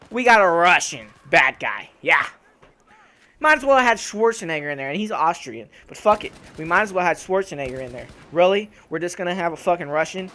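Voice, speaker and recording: A young man ranting casually and profanely over gameplay footage, with laughs and animated outbursts. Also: a little high, brisk. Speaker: gaming YouTuber.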